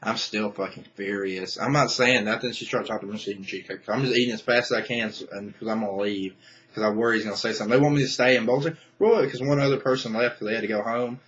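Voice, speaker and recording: A man's voice: fairly low pitch, fairly even intonation, rapid-fire, a bit bright. Young man, casual vlog rant, profane, rambling, angry, muffled lo-fi sound. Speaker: vlogger.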